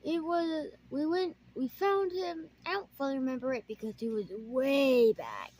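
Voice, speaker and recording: Higher-voiced woman, halting, stops and restarts a lot. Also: animated, a little mellow. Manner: halting, hesitant recollection. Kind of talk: casual chat.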